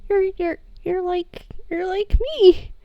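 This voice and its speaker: A woman voicing a shy, emotional male toon cleric with a soft, warm voice who stammers and repeats his words. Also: sits high, very animated, takes it slowly, dull audio, a little hiss or hum, exaggerated voice. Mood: overwhelmed. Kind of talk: tabletop role-play.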